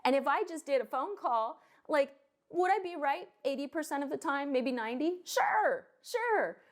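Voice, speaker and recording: A woman's voice: sits high, brisk. A woman loan officer ranting to camera in a vlog, blunt and fired up, swearing now and then.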